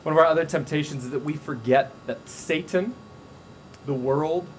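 A man preaching a sermon as a pastor, telling stories in a casual, animated way with frequent restarts. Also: on the high side, normal speed, a little hiss or hum, low-quality recording.

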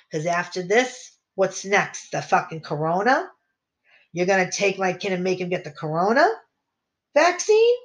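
A woman's voice: mid-range voice, low-quality recording. Fiery, profane woman ranting. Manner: fiery, profane, rambling with many restarts. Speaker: podcast host. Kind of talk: casual profane rant to listeners.

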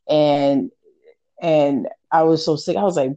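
A woman's voice: deep voice, fairly even intonation, slow, dark tone, no echo, highs cut off. A woman co-hosting a podcast who talks candidly and reflects on herself in casual chat. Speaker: podcast co-host.

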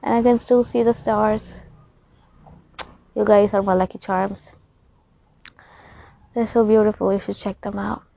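A woman's voice: mid-range voice, flat delivery, a little slow, vocal fry, long pauses. A young woman vlogging in a rambling, chatty, emotional way. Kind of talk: casual chat to camera. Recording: slightly dull recording.

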